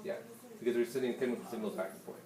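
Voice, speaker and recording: A male teacher giving a lively, hands-on classroom lecture and speaking directly to his students. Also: medium pitch, racing, reverberant, noisy background.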